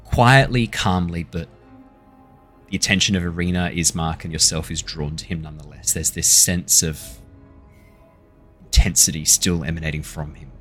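A man running a tabletop game as dungeon master, with measured narration and playful asides. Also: deep voice, steady tone, a bit bright, slightly rough, faint music behind.

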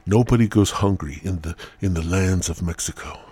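A man's voice: low voice, moderate pace, a little mellow, breathy edge, dry recording. A man hosting a podcast alone, rambling loosely through a profane monologue into a mic. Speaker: podcast host.

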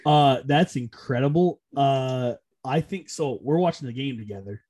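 A young man co-hosting a sports podcast, chatting casually and excitably, laughing often. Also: medium pitch, normal speed. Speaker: podcast co-host. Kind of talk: casual chat.

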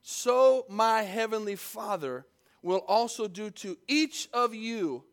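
Guy preaching in church, kinda high voice, gets loud then real quiet, asks the crowd for amens. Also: slow pace, vocal fry. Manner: preaching with call-and-response, rising to emphatic peaks and dropping to soft asides. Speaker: pastor. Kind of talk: sermon. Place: church service.

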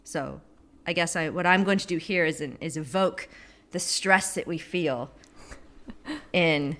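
A woman's voice: sits low, a little slow, fairly bright tone. A woman talking in a casual literary discussion. She rambles, corrects herself often and laughs between thoughts.

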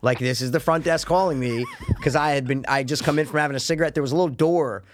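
A man co-hosting a casual podcast, telling stories in an excitable way, swearing and laughing often. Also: fairly high pitch, fast talker, slight background noise. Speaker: podcast co-host. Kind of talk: casual storytelling chat.

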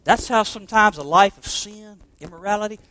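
A pastor preaching a sermon to confirmation students, emphatic and asking rhetorical questions. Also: male voice, high-pitched, fairly quick, bright, forceful tone, no room sound.

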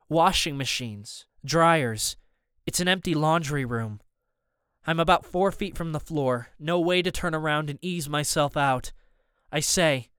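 A man's voice: on the high side, fairly bright tone, smooth, dry recording, clean studio sound. A man narrating a story in the first person with tense, urgent storytelling. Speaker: audiobook narrator.

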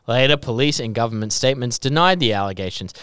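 A man's voice: medium pitch, lively intonation, fast, fairly bright tone, smooth, dry recording, studio quality. A man with an Australian accent, a podcast co-host reading out a true-crime story and laughing and joking between lines.

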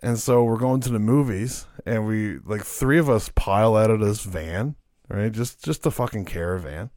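A man's voice: on the low side, moderate pace, no echo, clean studio sound. A man co-hosting a watch-along, chatting casually and telling stories in a profane, joking way. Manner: animated, profane storyteller. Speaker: co-host of a watch-along show. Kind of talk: casual chat.

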